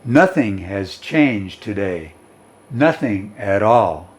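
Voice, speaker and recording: A man voicing a grieving mother who speaks slowly and firmly to her daughter in a read-aloud story. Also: mid-range voice, lightly acted. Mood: firm, tender. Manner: slow, firm, deliberate delivery. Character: loving, grieving mother, firm and slow.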